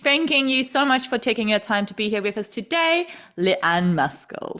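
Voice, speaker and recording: A woman hosting a podcast, effusive and rambling, full of fillers and warm praise. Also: a little high, expressive, moderate pace. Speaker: podcast host. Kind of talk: emotional casual chat.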